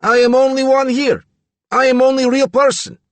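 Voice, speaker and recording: A man's voice: extremely high pitch, flat delivery, normal speed, no room sound, pitched above the performer's own voice. A man voicing a brash, boastful young male prisoner who growls and taunts the others. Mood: taunting. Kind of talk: audiobook narration.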